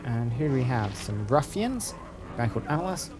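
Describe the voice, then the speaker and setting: A man's voice: medium pitch, big pitch swings, normal speed, a crowd in the background. Wry male let's-play streamer. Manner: wry, reads game dialogue aloud. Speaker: gaming streamer.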